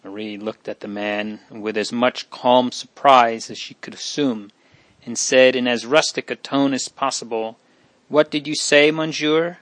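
A man narrating a historical novel in a measured, even reading voice. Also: mid-range voice, dry recording. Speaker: audiobook narrator. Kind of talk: scripted narration.

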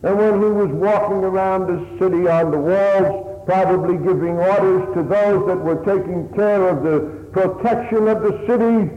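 An earnest man preaching a sermon in a fairly high voice, pushing up for emphasis and sinking low for quieter reflection. He sounds like he is in a large reverberant hall. The sound is thin and phone-like. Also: moderate pace, hardly any pauses. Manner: earnest, plain-spoken, rising and falling emphasis. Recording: echoey hall on a tinny line.

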